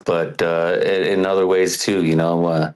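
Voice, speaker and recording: A longtime caller talking in a rambling, halting way, full of fillers and restarts. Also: male voice, sits low, little pitch movement, darkish tone, clear, resonant tone, low-quality recording. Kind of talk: casual call-in chat.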